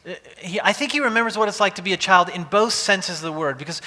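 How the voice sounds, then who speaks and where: A man in his forties preaches in a relaxed, storytelling way, often restarting his sentences. His voice is bright and sits a little high for a man, and it carries a long reverb from a large hall. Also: fast. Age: 40s. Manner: conversational, anecdotal, with frequent restarts. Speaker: pastor. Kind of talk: sermon.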